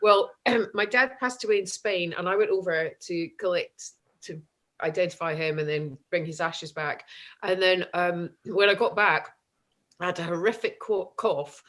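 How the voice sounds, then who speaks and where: A woman's voice: lowish voice, fairly even intonation, moderate pace, a bit bright. Chatty Scottish woman in her forties. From Scotland. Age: 40s. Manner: chatty, laughs often, acts out voices in anecdotes. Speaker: guest. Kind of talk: casual chat.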